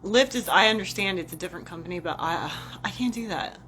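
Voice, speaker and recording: Profane, animated woman ranting. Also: mid-range voice, fast talker, a little hiss or hum. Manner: profane, animated, self-mocking storytelling. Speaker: vlogger. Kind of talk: casual rant to camera.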